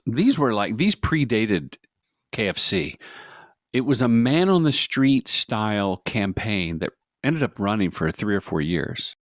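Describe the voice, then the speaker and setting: A middle-aged man telling stories in an interview, jokey and self-deprecating, his voice swinging up and down in mid-range pitch. He is recorded close on a dry mic with no room sound. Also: no echo. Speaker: guest, commercial director. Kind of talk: casual interview storytelling.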